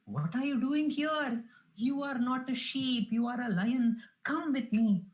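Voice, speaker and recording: A woman voicing a gentle male lion who calls his lost son home, in a tender, coaxing way. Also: high-pitched, expressive, unhurried, voice pushed up.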